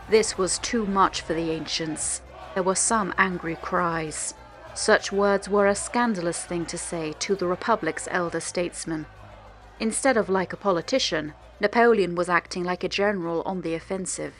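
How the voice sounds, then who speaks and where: A woman narrating a history documentary in a measured, steady storytelling delivery. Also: fairly low pitch, soft background music. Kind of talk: scripted narration.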